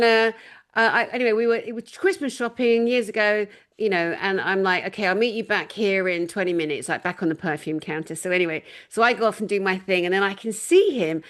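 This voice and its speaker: A woman hosting an interview, chatting casually and telling stories with animated exclamations and laughter. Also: mid-range voice. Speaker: host.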